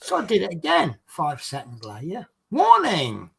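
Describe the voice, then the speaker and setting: A British man with a rough, gravelly edge and a somewhat husky voice spins casual anecdotes for his stream viewers. He talks in a chatty, animated way and laughs along at his own stories. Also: fairly high pitch, normal speed, poor audio. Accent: British English. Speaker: coach driver and streamer.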